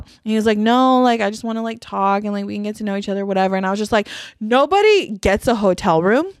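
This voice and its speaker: A woman's voice: a little high, very animated, brisk, clean tone, dry recording, clean studio sound. A young woman co-hosting a podcast, telling a story casually and bluntly, swearing a lot and often laughing. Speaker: podcast co-host. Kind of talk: casual chat.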